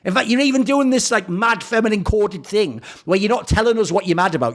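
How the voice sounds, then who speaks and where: A man's voice: sits high, lively intonation, a little fast, few pauses. A man hosting a show, ranting in a sarcastic, profane, mocking commentary. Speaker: esports commentator and show host.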